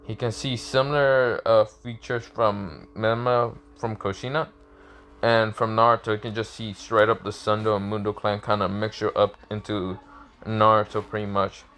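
Retelling a fan-made story in a casual, rambling way, a young man speaks at medium pitch, using fillers and restarts and breaking into excited quoted lines.

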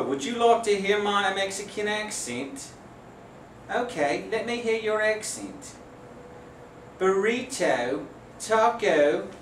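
Slow, goofy man in an echoey room. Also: high voice. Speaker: comedy show host. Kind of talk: goofy comedy skit banter. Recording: echoey room, voice distant from mic, faint noise.

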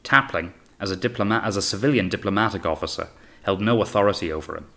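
A man reading an audiobook as narrator in a steady, measured way. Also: sits low. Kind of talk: scripted narration.

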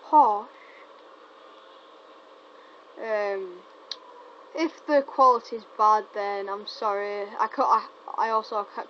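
A woman rattles off casual gameplay commentary, teasing and excitable, tripping over her own words. Her voice sits at an ordinary pitch for a woman. The recording is muffled and lo-fi, with a faint hiss underneath. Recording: dull lo-fi recording with faint noise.

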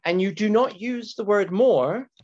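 A man teaching an English grammar lesson to students, talking slowly and deliberately, repeating key words and stretching them for emphasis. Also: sits high, darkish tone. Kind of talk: recorded classroom grammar lecture. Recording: dull lo-fi lecture recording with keyboard typing.

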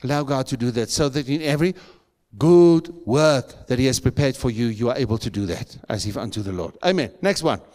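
A man preaching from the pulpit, his voice leaping up in pitch and volume to drive each point home. He quizzes the congregation with rhetorical questions, at a middling pitch for a man. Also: lively intonation, fairly quick. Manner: emphatic preaching with sudden rises in pitch and loudness. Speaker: pastor. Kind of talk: sermon. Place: church sanctuary.

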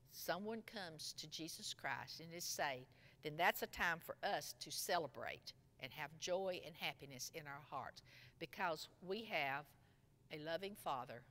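A woman teaching a Sunday school lesson, retelling a parable in an expressive storytelling way. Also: on the low side. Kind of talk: Bible lesson. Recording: long echo from a large room.

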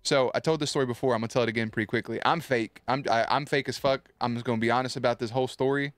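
A man's voice: mid-range voice, fairly even intonation, racing, dry recording, soft background music. A man streaming live, chatting loosely and swearing as he tells a story to his viewers, with many restarts.

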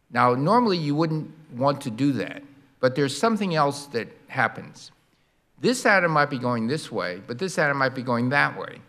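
An older man giving a public university lecture, explaining science with animated sound effects and demonstrations. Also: medium pitch. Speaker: guest lecturer. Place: lecture hall.

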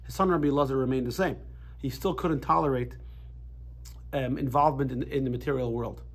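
Husky-voiced man teaching a casual Torah class. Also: medium pitch, fairly quick. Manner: animated storytelling with frequent restarts.

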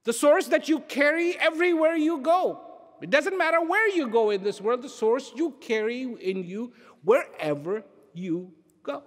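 A man giving a slow, reflective inspirational talk, repeating key phrases for emphasis and letting phrases trail off softly. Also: lively intonation, big-room sound. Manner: drops to soft, trailing low phrases. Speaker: speaker.

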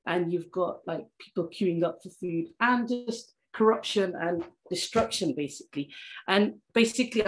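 A woman's voice: on the low side, rough recording. A woman geography teacher answering on a discussion panel, telling classroom stories in an earnest, heartfelt way that often starts over mid-sentence. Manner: earnest, heartfelt storytelling with frequent restarts.

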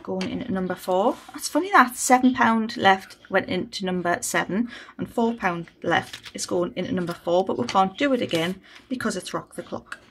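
A woman's voice: mid-range voice, a little hiss or hum. A woman chatting casually on a budgeting vlog, thinking aloud as she counts money. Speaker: budgeting vlogger. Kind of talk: casual chat while cash stuffing.

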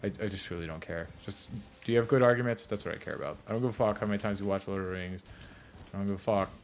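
A man's voice: sits low, racing, gravelly, slight background noise. A young man hosting a casual reaction chat while gaming, loose and profane, laughing often. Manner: loose, profane, laughs often, slips into exaggerated quoted voices. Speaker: YouTube host reacting to a video while gaming.

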